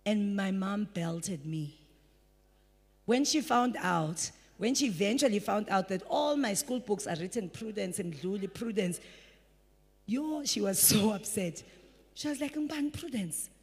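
A woman pastor preaching a sermon, animated, slipping into quoted voices. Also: mid-range voice, measured pace. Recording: breathy voice in a large reverberant hall.

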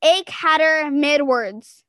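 A young woman hosting a casual podcast chat, excitable and giggly. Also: sits high, slow pace. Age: young adult. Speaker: podcast host.

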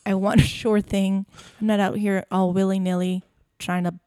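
A young woman chats as a podcast co-host, playful and full of laughter. She winds herself up into mock-indignant rants. Her voice sits at an ordinary pitch, recorded close and dry. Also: flat delivery, normal speed, dark tone, clear, resonant tone, no room sound. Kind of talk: casual chat.

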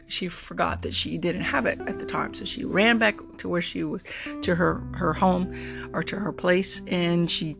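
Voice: medium pitch, moderate pace, vocal fry. A podcast host in their forties, telling stories in an earnest, meandering way in a casual solo monologue. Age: 40s. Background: guitar music.

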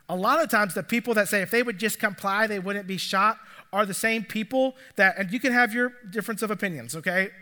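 A high-voiced pastor preaches to his church. His tone is bright and forward. He keeps it conversational and confessional and asks the congregation questions. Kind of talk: sermon. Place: church sanctuary.

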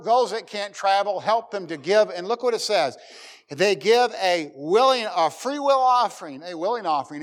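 Middle-aged guy preaching, folksy and jokey, voice a bit high, keeps jumping up and down in pitch. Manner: folksy, joking preacher with lively swings in pitch and loudness. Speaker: pastor. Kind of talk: sermon.

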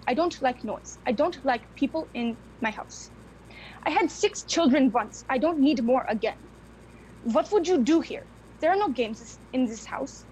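A woman's voice: high voice, a little mellow, a little hiss or hum, poor audio. An actress playing a stern, bitter old grandmother who speaks in curt, hard sentences. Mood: cold refusal. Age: older. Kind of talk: film drama acting.

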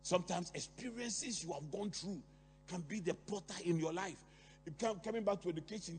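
A middle-aged man preaching a sermon, talking to the congregation with lively rhetorical questions and asides. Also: high-pitched. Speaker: pastor. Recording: long hall reverb, faint hum.

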